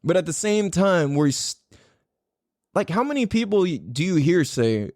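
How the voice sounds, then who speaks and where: Lively, animated male podcast host. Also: high-pitched, moderate pace, dry recording, clean studio sound. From United States. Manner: animated, swears freely, muses aloud. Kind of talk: casual monologue.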